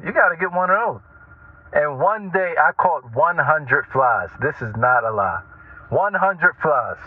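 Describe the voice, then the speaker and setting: A man's voice: fairly high pitch, dry recording. Chatty man on a tinny line. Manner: animated, chatty, keeps asking "right?". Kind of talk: casual storytelling monologue. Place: lives in Norfolk, Virginia. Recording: tinny phone-like line, dry.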